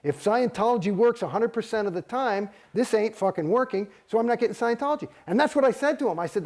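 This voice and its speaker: A man's voice: sits high, lively intonation, fast talker, few pauses, a little mellow. A man in a candid interview, telling a long story in a rambling, heated way and swearing constantly.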